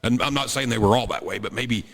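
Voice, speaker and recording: A man's voice: mid-range voice, quick pace, fairly bright tone. A man co-hosting a casual podcast chat, blunt and profane with a wry edge. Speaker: podcast co-host. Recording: long hall reverb.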